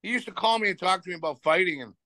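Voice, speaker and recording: In a dry recording with no echo, a retired hockey player in his seventies spins stories for an interviewer, talking rapid-fire in a high, bright, forceful voice with lively intonation. He rambles, repeats himself, and acts out quotes in this casual exchange.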